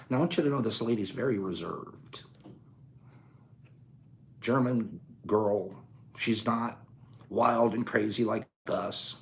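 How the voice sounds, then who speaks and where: A man's voice: on the low side, slow, gravelly, pauses often, slight background noise. A man hosting a casual talk show, telling a funny story in a rambling way and laughing as he goes. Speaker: host.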